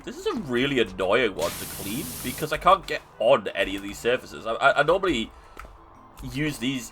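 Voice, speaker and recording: A man's voice: medium pitch, sing-song, normal speed, pushed and bright, faint music behind, rough recording. A British man chatting casually while streaming a game, rambling, joking and muttering to himself as he plays. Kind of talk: casual gameplay chat.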